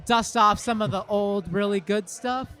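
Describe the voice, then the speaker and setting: High-voiced slangy joker. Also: male voice, fairly even intonation, unhurried, bright, forceful tone, some chatter behind. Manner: slangy, jokey asides. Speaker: podcast co-host. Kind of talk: casual podcast chat.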